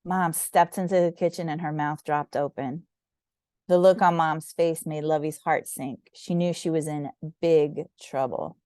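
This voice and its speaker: Mellow woman reading a children's story. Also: low-pitched, steady tone, measured pace, no echo, studio quality. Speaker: storybook reader. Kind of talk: children's story read-aloud.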